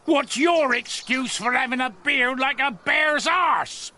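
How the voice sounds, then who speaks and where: A man's voice: extremely high pitch, slow, sharp tone, heavily acted. An actor playing a lazy, cheeky male builder in a game, mocking and bickering. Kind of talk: game voice acting.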